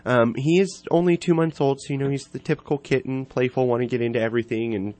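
A man's voice: medium pitch, steady tone, fast, a little mellow, dry recording. Friendly male animal shelter guest. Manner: friendly, informative. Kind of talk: casual interview.

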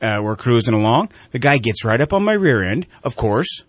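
A man's voice: mid-range voice, a little fast, slightly rough, no room sound. A middle-aged man hosting a talk show, telling a casual story and acting out the voices of the people in it. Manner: animated storyteller, acts out quoted voices.

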